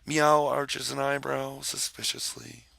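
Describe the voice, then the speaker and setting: Guy reading a fantasy rp story kinda theatrically, bright raspy tone. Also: medium pitch, little pitch movement, slow pace, dry recording.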